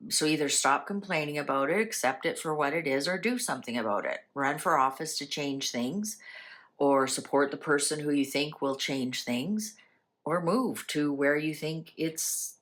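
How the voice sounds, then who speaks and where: Woman, low-pitched voice, casual spiritual talk, conversational, rhetorical questions. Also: moderate pace, a bit bright. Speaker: channel host.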